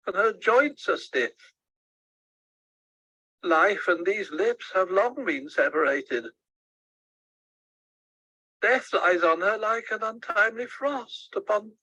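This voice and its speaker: A man's voice: high voice, slow pace, long pauses, pushed and bright, no echo, lo-fi sound, voice pushed up, heavily acted. A man voicing a stern noble father in grief in a play reading. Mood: grieving. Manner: stern, then grieving and solemn.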